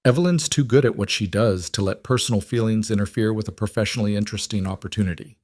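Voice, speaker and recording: A man's voice: lowish voice, fast talker, a little mellow, dry recording, natural voice. A man voicing a shrewd, direct society wife who speaks bluntly. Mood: blunt candor.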